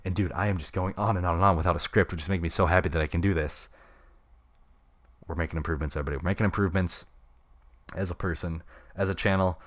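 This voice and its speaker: Low-voiced young man, rambling podcast chat. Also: steady tone, fast talker, long pauses, dry recording. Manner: rambling, laid-back slang. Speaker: podcast host. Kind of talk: unscripted solo podcast chat. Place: home room. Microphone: studio mic with pop filter.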